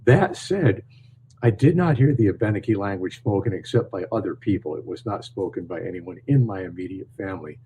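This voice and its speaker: An older man from northern New York, a storyteller answering interview questions in a calm, measured way. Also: sits low, slight background noise, low-quality recording. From northern New York, USA. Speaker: storyteller and author, guest. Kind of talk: podcast interview.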